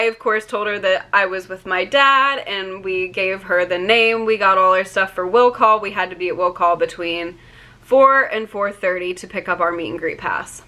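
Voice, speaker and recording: A young woman tells a personal story to her camera in a bright, clear voice. She talks in a chatty way, full of "like" fillers, and her voice catches with feeling. Her pitch sits in the middle of the usual range for a woman. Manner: chatty, many "like" fillers, gets choked up. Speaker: vlogger.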